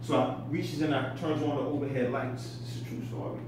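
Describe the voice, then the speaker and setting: A stand-up comic with a mid-range voice and level tone speaks a little fast, telling a story on a comedy club stage. He laughs at his own tale and swears freely; the mic is distant and the room echoey, with background noise.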